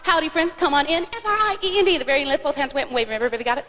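A high, bright woman's voice guides kids through a song in cheerful live-stage banter. Her stage mic rings out into a big church hall with a long reverb tail, and a faint audience murmur sits underneath. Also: racing. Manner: cheerful, coaxing, directing children. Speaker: singer leading a children's song on stage. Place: large church auditorium.

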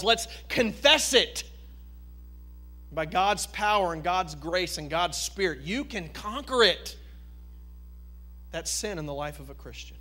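A male pastor tells a story during a sermon, emphatic and animated. His voice sits high for a man, and his tone is bright and forceful.

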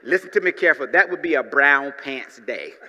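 A man preaching a sermon as pastor, lively and humorous, tossing asides to the congregation. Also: medium pitch, brisk, long reverb tail, dull audio, a little hiss or hum.

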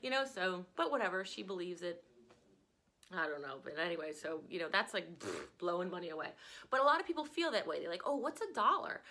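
A woman's voice: lowish voice, sing-song, brisk, bright, forceful tone. A woman teacher from Louisiana giving a chatty, digressive lecture in a casual way.

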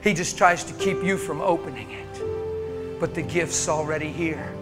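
A male preacher giving an emotional sermon to a congregation, moving between loud, urgent exhortation and hushed intensity. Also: fairly high pitch, a little slow, over loud music. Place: church meeting room before a congregation.

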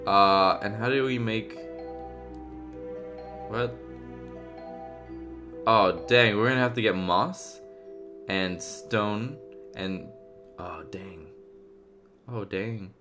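A man hosting a game video in casual let's-play commentary, thinking aloud with many fillers, going from loud upbeat asides to quiet muttering. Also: on the low side. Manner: loud upbeat openings, then muttering to himself while searching. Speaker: gaming video host.

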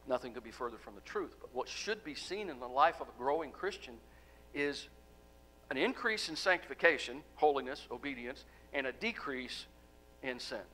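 A man preaching a sermon as pastor, asking the congregation rhetorical questions and letting key words fall soft. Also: mid-range voice, moderate pace, slight background noise, poor audio. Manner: emphatic, rhetorical questions, drops to soft endings.

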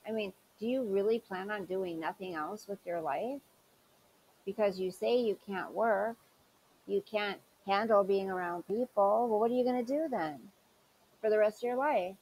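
A woman's voice: medium pitch, darkish tone, slight background noise, poor audio. A woman hosting reaction commentary, talking in a sarcastic, critical and questioning way. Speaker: commentary channel host.

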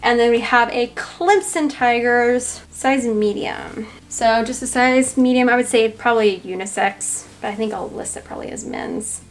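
Chatty Southern woman, higher voice. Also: normal speed, few pauses, a little hiss or hum. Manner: chatty, thinking aloud with fillers. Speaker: reseller showing a thrift haul. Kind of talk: casual chat to camera.

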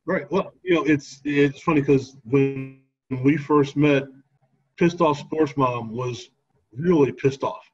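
A man hosting a casual interview who talks in a conversational way with halting restarts. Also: a little high, husky, dull audio, faint music behind. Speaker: interview host.

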